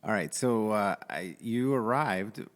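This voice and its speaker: A man hosting a casual interview podcast, halting and searching for words as he asks questions. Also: on the low side, animated, long reverb tail. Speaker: podcast host and photographer. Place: studio.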